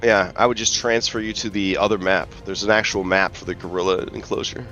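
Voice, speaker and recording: A man with a low voice runs a tabletop game over an online call, narrating and ruling in a relaxed way and pausing often on fillers. The sound is a little muffled, and faint music plays underneath. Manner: relaxed, hesitant with many fillers. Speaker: game master.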